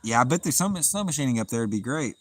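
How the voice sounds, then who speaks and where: A man's voice: mid-range voice, fast talker, low-quality recording. A man with a Southern US accent, chatting casually and laughing as he hosts a live fishing stream outdoors at night. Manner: relaxed, chatty, laughs often, easygoing drawl. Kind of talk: casual live-stream chat reading out viewer comments.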